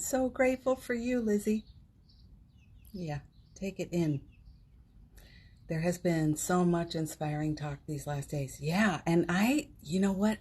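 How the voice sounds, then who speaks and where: Streaming from home over her phone, a woman gives a casual inspirational talk in a low, husky, darkish voice. Her delivery is sincere and meandering, with lots of fillers and false starts.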